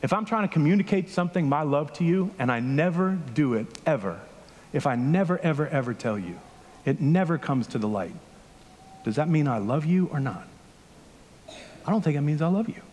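A man's voice: a little high, lively intonation, a little fast, darkish tone, long reverb tail. A man preaching a casual, story-driven sermon, often asking the congregation questions. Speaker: pastor. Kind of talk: conversational sermon. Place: church hall with a congregation.

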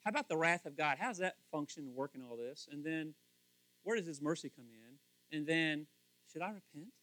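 A man preaching a casual, conversational sermon as pastor, animated and questioning his listeners. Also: fairly high pitch, fairly quick, no echo, low-quality recording. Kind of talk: casual sermon, Bible teaching.

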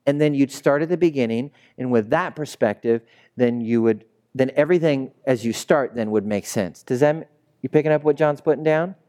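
This young adult pastor has a medium-pitched, dark-toned voice and talks at a moderate pace. Before his congregation in the church sanctuary, he keeps the sermon chatty and jokey, inviting call-and-response.

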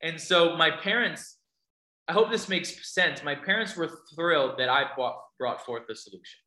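A man's voice: a little high, normal speed, sharp tone, echoey room, low-quality recording. A man giving a motivational talk to a live audience, telling stories and asking the listeners questions. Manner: storytelling, asks the audience questions. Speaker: motivational speaker.

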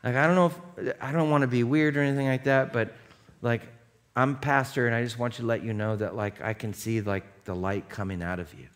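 A man's voice: mid-range voice, fairly even intonation, brisk. A man in his thirties, a pastor giving a conversational, storytelling sermon that builds into impassioned preaching.

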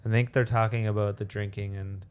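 A man's voice: on the low side, flat delivery, a little fast, clean tone. A man co-hosting a casual podcast, joking and mocking a movie as he watches it. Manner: joking, mocking, riffs into loud silly bits. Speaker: podcast co-host. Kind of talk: casual movie riffing chat.

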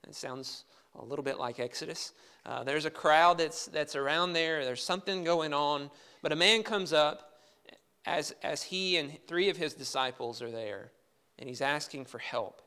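A man's voice: fairly high pitch, moderate pace, pushed and bright, clean tone. A man preaching a sermon as pastor, talking in a conversational way with rhetorical questions and reading scripture with emphasis.

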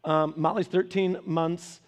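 A man preaching a sermon as a pastor, telling family stories in an animated way with laughing asides. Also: fairly high pitch, slow pace.

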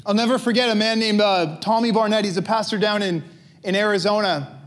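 A man's voice: high voice, fairly even intonation, fairly quick, a bit bright. A pastor preaching a conversational sermon, asking his listeners questions and joking with them.

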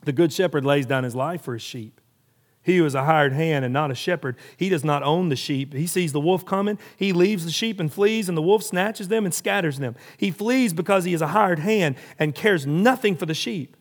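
Male pastor, higher-pitched voice, emphatic repetitive preaching delivery. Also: normal speed. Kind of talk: sermon.

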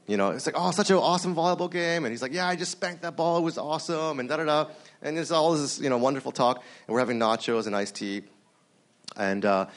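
A man preaching a sermon in a conversational storytelling way, talking straight to the audience and acting out the dialogue he quotes. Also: on the low side. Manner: animated, acts out quoted dialogue; conversational, addresses the audience directly.

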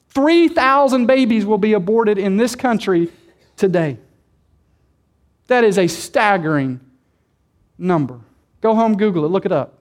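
Man, pastor, very high voice, emphatic sermon, repeats words for weight, questions the congregation. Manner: emphatic preaching, repeats and stretches key words; addresses the congregation directly with questions.

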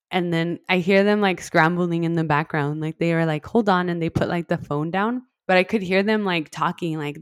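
A young woman from West Texas tells her own story in a relaxed, chatty way. She leans on "like" constantly and slips into the voices of the people she quotes. Her voice sits on the low side and sounds dry and close. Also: fairly quick, clear, resonant tone, no echo. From West Texas, USA. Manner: chatty, heavy use of "like", acts out quoted dialogue. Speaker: podcast host telling her own story. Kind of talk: casual personal storytelling.

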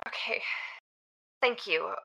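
An actress playing a grieving young woman who talks in a halting, stammering, tearful way. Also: mid-range voice, vocal fry, bright, forceful tone, breathy edge, heavily acted. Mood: shaken. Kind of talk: audio drama acting.

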